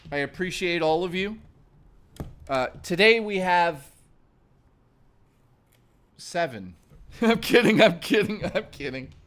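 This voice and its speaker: A man's voice: on the high side, fairly bright tone. A man live-streaming in casual chat, joking around and swearing freely.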